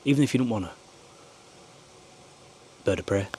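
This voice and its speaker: This vlogger's mid-range voice has a sing-song, slightly mellow quality at normal speed, broken by long pauses, and a little hiss or hum can be heard. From a small camper van, he gives earnest, rambling life advice to the camera and swears now and then.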